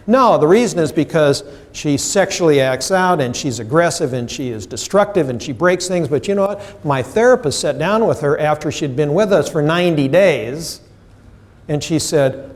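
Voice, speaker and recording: An emphatic, middle-aged man presents at a seminar, his voice sitting a little high for a man. He throws questions out to the room and slips into the voices of the people he quotes. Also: expressive, normal speed. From United States. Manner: emphatic, asks the audience questions, acts out quotes. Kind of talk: professional development lecture. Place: seminar room with live audience.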